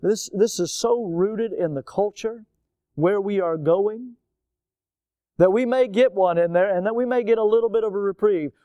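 A man's voice: sits high, normal speed, warm tone, dry recording. A male pastor preaching a sermon, posing rhetorical questions and repeating key words for emphasis, then leading a prayer. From United States.

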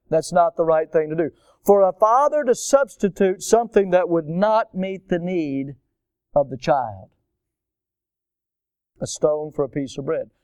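A middle-aged man, preaching a storytelling sermon and acting out voices and shouts from his tales. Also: high voice, clean tone, no echo. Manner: animated, acts out voices and shouts in stories. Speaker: preacher at a school chapel.

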